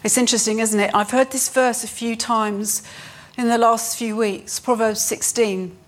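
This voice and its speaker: A woman preaching a sermon, earnest, rising in pitch on emphasis and slowing down to read scripture. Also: steady tone.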